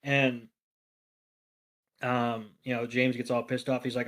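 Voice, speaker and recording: A man's voice: mid-range voice, little pitch movement, takes it slowly, fairly bright tone. A man co-hosting a podcast, rambling through a story in casual chat, full of fillers. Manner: rambling, full of "you know" and "um". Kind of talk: casual chat retelling an episode.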